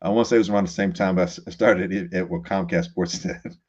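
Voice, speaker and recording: A man guesting on a sports talk show, animated and quick to laugh, often restarting his sentences. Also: sits low, husky, lo-fi sound.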